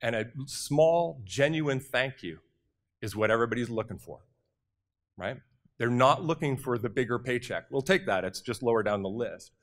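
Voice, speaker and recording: A man from Canada speaks to a conference audience with energy and directness. His voice sits at a middle pitch, and he often turns to the crowd with quick questions. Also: expressive, fairly bright tone. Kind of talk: motivational conference talk. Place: conference hall.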